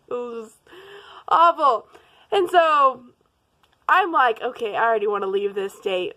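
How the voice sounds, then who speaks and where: A young woman tells a dating story to her vlog viewers, talking in a fairly high voice. She acts out the lines of the people in her story and laughs along the way. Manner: animated, laughing, acts out quotes. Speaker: vlogger. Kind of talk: casual storytime.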